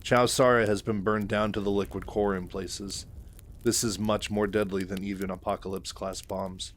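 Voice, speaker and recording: A man's voice: fairly low pitch, little pitch movement, normal speed, slight background noise, lightly acted. A man voicing a stern starship colonel. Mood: grim. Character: stern male military colonel commanding a starship.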